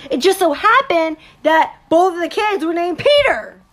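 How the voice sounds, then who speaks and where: A woman in her thirties, a mother and business owner, telling her viewers a story in an animated, emphatic way and often stopping to ask "okay?". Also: very high-pitched, normal speed.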